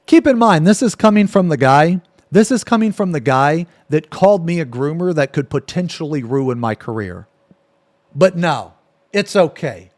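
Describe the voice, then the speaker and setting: A man's voice: on the high side, animated, normal speed, a little mellow. A male streamer ranting angrily on a live stream, cursing and repeating himself as he reacts to a clip. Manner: angry, profane, repetitive ranting.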